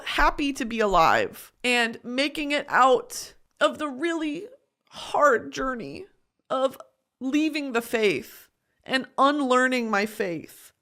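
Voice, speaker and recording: A woman's voice: high voice, expressive, takes it slowly, sharp tone. A woman hosting a podcast, talking in an earnest, emotional personal monologue. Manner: emotional, earnest, tearful at times. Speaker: podcast host.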